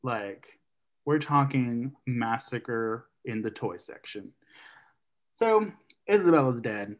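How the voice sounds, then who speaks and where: A man's voice: medium pitch, slow. Casual podcast guy retelling a story. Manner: animated storyteller, acts out characters' lines.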